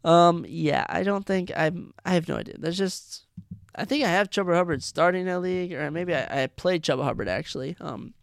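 A man's voice: on the high side, brisk, creaky, dry recording, clean studio sound. A man hosting a casual solo sports podcast, thinking aloud and often stopping to restart and correct himself. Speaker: podcast host.

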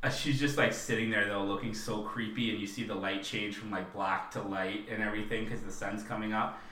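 Bright-voiced man in a roomy mic. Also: on the low side, a little fast, slight background noise. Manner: animated, acts out quotes in raised voices. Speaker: podcast co-host. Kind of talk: casual chat. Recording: roomy, slightly distant mic.

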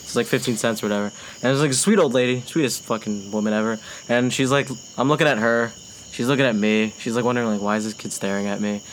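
Medium in pitch and fast, this young man's voice carries a long casual story thick with swearing. He often laughs and imitates the people he quotes, over faint background noise.

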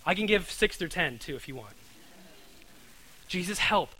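A man's voice: a little high, very animated, fast, pushed and bright, slightly rough, low-quality recording. A man preaching a conversational sermon, earnest, often repeating words and asking his listeners "right?".

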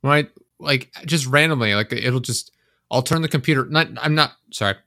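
Guy venting on a podcast, bright voice, cussing a lot, dry close mic. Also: medium pitch, fairly quick, no echo. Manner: swears freely, acts out frustrated inner monologue. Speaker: podcast co-host. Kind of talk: casual chat.

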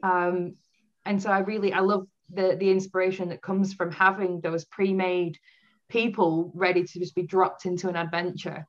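A woman's voice: lowish voice, level tone, moderate pace. Chatty woman author on muffled audio. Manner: chatty, laughs often. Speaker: author guest. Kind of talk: casual interview chat. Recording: dull lo-fi audio.

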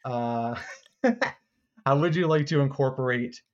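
A man's voice: mid-range voice, takes it slowly, dull audio. A man narrating a tabletop game as game master, in loose, casual talk with fillers.

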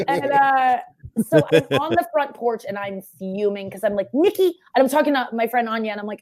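A young woman telling a story in casual chat, her voice sitting a bit high. She rushes through it and acts out the quotes, sometimes shouting them. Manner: animated storyteller, fast and breathless, acts out quotes with loud shouts.

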